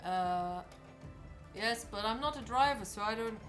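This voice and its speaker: A woman's voice: on the high side, unhurried, a bit bright, faint music behind. A woman streamer chatting casually while she sews, talking to herself and answering her chat in a playful way.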